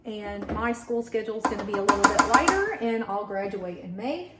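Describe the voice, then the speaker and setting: Mom vlogger, thirties, rambling baking chat, echoey kitchen with audible clatter. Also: female voice, medium pitch, brisk, very noisy. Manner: chatty, many fillers, talks to her son. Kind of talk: casual chat while baking. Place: home kitchen.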